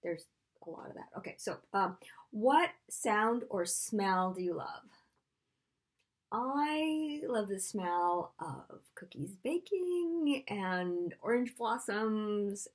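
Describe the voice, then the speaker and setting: A woman's voice: mid-range voice, expressive, slow pace. A middle-aged woman author answering a list of questions in a chatty, playful, self-deprecating way. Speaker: children's author. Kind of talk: casual spontaneous Q&A video.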